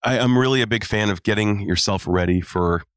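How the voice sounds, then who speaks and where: Deep, fast-talking man hosting a podcast. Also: smooth, no room sound, studio quality. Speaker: podcast host. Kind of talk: casual conversation.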